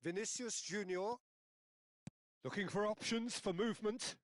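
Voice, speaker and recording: A man giving play-by-play football commentary in a video game, building up excitedly and shouting at goals and shots. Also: high-pitched, a little slow.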